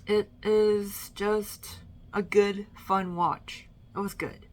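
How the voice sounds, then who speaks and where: A woman's voice: medium pitch, flat delivery, very slow, darkish tone. A young woman ranking movies she has watched in a casual, rambling chat from her bedroom, a little out of breath. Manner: chatty, rambling, fillers and trailing restarts. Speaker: vlogger.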